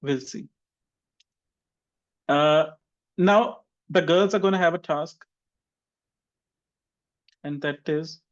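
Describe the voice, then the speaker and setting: A man's voice: on the high side, dull audio. A man teaching an online English exam class and giving chatty, teasing feedback to students. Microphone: video call.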